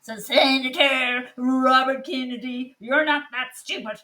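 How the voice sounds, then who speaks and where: A woman physician speaking a personal commentary monologue, passionate and emphatic with frequent pauses. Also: high voice, steady tone, sharp tone. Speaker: physician and online course teacher.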